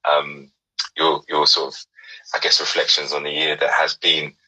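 A man's voice: a bass voice, monotone, moderate pace, sharp tone, husky, poor audio. A man hosting a casual chat, upbeat and encouraging, rambling through stories. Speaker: host.

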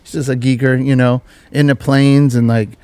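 The host's mid-range voice has a dark, clean tone with little pitch movement, delivered at a moderate pace with no echo. He's telling a casual podcast story packed with slang, voicing the people in it as he quotes them.

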